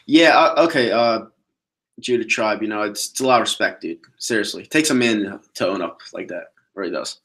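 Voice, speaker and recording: A man with a lowish voice speaks briskly on his casual solo sports podcast. Blunt and profane, he rants animatedly while answering viewer questions.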